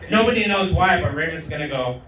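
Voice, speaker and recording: A male comedian doing a crude, rowdy stand-up set, slipping into Spanish and loud put-on voices. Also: on the high side, lively intonation, a little fast, a little hiss or hum. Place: outdoor backyard show. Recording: roomy sound from a distant mic.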